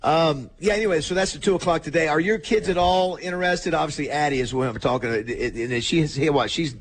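Chatty radio host, fairly high voice. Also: male voice, fast talker, slightly rough. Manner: chatty, asks lots of questions. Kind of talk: casual radio chat.

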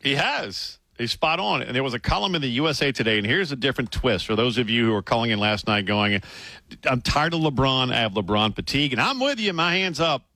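Bright, blunt male sports radio host. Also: medium pitch, very animated, quick pace, few pauses, dry recording. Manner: blunt, opinionated. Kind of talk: sports talk radio chat. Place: radio studio.

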